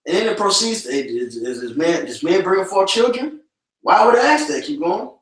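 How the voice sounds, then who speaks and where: Man, street preaching, high voice, heavy echo, far from the mic, casual, says "man" a lot. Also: very animated, moderate pace. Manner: casual, repeatedly tags lines with "man". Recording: echoey and distant from the mic.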